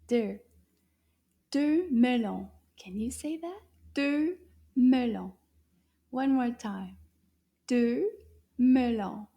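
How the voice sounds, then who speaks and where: Woman, children's French teacher, unhurried delivery, high voice, animated, gasping, half-whispered asides, coaxing. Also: slightly rough. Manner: switches between French and English, coaxing listeners to repeat. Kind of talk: children's language lesson.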